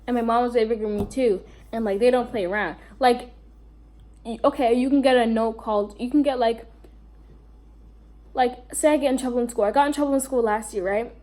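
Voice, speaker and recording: A woman's voice: a little high, steady tone, fairly quick, mellow. A young woman with a New York accent telling a rambling storytime vlog, full of fillers and asides. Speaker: vlogger.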